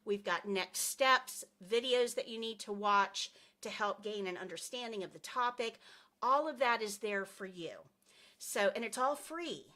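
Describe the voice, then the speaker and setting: Upbeat chatty woman teacher on a livestream, slightly high voice, bright and bouncy. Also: measured pace. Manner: chatty, upbeat, reads viewer comments aloud. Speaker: nursing assistant instructor and live stream host. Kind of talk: casual live stream chat.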